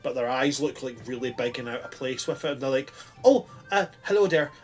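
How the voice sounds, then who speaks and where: A man's voice: mid-range voice, little pitch movement, fast, faint music behind. A man narrating a tabletop game as game master, rambling through lots of fillers.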